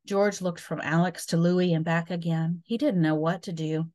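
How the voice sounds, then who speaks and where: Low-voiced woman reading a children's book aloud. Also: fairly even intonation, measured pace, vocal fry, few pauses, darkish tone, dry recording. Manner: patient, explanatory. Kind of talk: children's read-aloud with teaching asides.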